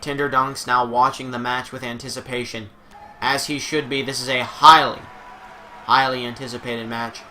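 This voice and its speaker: A man's voice: medium pitch, flat delivery, moderate pace, pushed and bright, a little hiss or hum. A man giving casual, rambling gameplay commentary on his own, profane and joking, with asides to his dog. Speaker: video game commentator.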